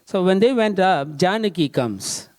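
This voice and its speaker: A man's voice: high-pitched, lively intonation, measured pace, darkish tone. A man giving a scripture class in a temple, telling an anecdote with frequent fillers and tag questions. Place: temple hall.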